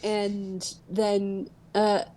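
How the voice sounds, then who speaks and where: A woman running a tabletop game, her narration slow and unhurried. Her voice is mellow and soft-edged, and she pauses often on filler sounds as she describes the scene. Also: mid-range voice, completely flat delivery. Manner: slow, hesitant narration full of filler uhs. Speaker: game master.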